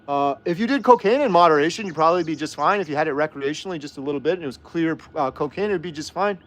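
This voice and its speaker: A man's voice: on the high side, racing, fairly bright tone. A man hosting a livestream, arguing heatedly and firing off rhetorical questions while reading viewer comments. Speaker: host. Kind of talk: livestream chat and rant.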